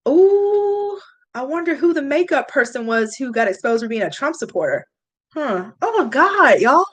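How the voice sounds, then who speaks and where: A young woman hosting a long livestream, chatting casually and answering viewer comments with candid, animated reactions. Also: a little slow, poor audio. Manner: chatty and candid, swings up high when greeting viewers. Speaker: beauty vlogger hosting a livestream.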